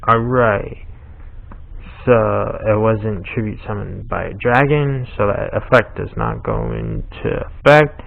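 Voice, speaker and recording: A man's voice: fairly low pitch, takes it slowly, gravelly, phone-quality sound. A man giving a casual play-by-play of a card game, explaining the rules as he goes and laughing easily.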